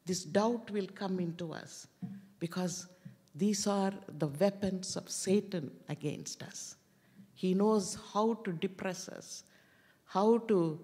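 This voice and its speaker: A woman preacher delivering a sermon in a church, telling a story slowly and dramatically. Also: fairly low pitch, a little mellow, big-room sound. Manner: slow and deliberate, dramatic retelling.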